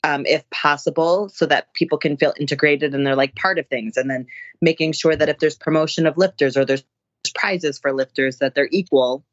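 Woman, excitable storyteller, laughs often, casual interview guest, muffled dry recording. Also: deep voice, normal speed, dry recording. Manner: excitable, laughing storyteller, acts out others' voices. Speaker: guest, powerlifter.

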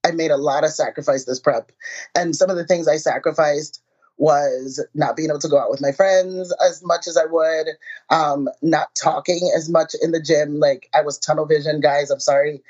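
A woman powerlifter talking in a casual interview, animated and self-mocking, laughing as she tells stories. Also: deep voice, normal speed. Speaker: powerlifter guest. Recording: muffled lo-fi audio.

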